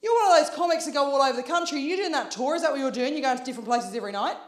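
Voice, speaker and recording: A woman voicing a chatty male fan at a bar, firing off quick, eager questions. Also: high voice, roomy sound, close to an everyday voice.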